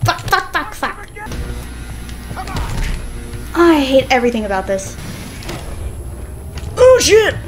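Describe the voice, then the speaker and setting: A woman's voice: sits high, big pitch swings, fast, soft background music. A woman hosting a let's-play of a video game, frustrated and swearing constantly as she plays. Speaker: gaming channel host.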